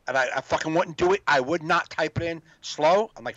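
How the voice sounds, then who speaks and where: A man's voice: on the high side, a bit bright, no echo, lo-fi sound. A man co-hosting a podcast in casual chat, agreeing often and telling his own stories. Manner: agreeable, frequent quick back-channel replies. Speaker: podcast co-host.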